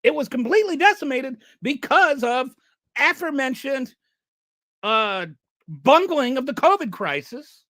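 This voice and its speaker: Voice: high-pitched, big pitch swings, unhurried, pushed and bright, no echo. A channel host giving an exasperated, sarcastic rant of political commentary.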